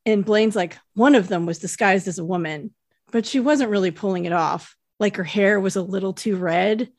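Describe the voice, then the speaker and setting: A woman's voice: mid-range voice, moderate pace, no echo. A woman with a mid-range voice co-hosting a podcast, walking through a TV episode in an easy, conversational way. Her recording sounds dry and close to the mic. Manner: relaxed storytelling, retells scenes in plain narration. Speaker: podcast co-host. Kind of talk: casual recap chat.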